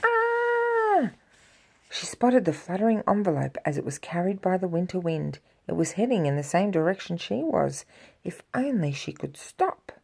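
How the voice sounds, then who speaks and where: A woman reading a children's storybook aloud to a child, with lively, expressive delivery and spoken sound effects. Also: on the low side, normal speed, creaky, slightly rough.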